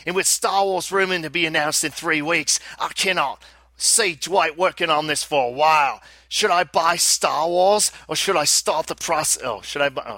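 A man's voice: a little high, bright, forceful tone, dry recording. Man doing a ranting Aussie pinball player. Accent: put-on Australian. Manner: exasperated ranting, swearing. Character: ranting Australian male pinball owner. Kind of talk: reading a listener email aloud.

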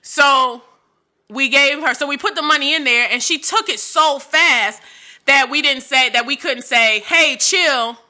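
A woman telling a lively story in a casual chat with her husband, animated and laughing as she talks over him. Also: sits high, measured pace.

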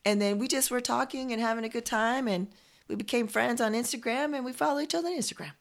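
A woman co-hosting a podcast, telling a story in casual chat with lively, profane asides and acted-out quotes. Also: on the high side, quick pace, vocal fry. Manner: animated storytelling, lots of swearing and acted-out quotes. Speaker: podcast co-host. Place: home. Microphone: remote recording.

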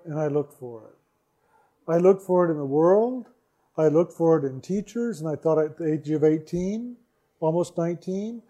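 A man telling a personal story in a slow, reflective way, repeating phrases for emphasis. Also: a little high, mellow, muffled recording. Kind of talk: storytelling talk.

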